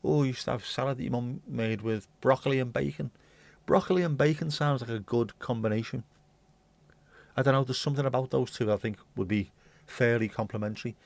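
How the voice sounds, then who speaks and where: Reading viewer comments on his livestream, a man chats bluntly and rambles, dropping the odd swear. He talks briskly in a creaky, mid-range voice, with no room sound.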